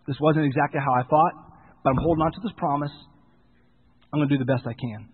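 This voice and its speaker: Animated preacher with tinny sound. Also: male voice, a little high, quick pace, slightly rough, big-room sound. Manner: animated storytelling, acting out characters' lines. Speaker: pastor. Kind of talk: sermon retelling a Bible story.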